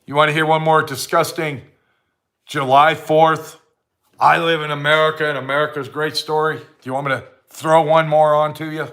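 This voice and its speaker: A man's voice: fairly high pitch, level tone, normal speed, sharp tone. A man delivering a heated, blunt ranting monologue to camera, repeating his points for emphasis. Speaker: vlogger.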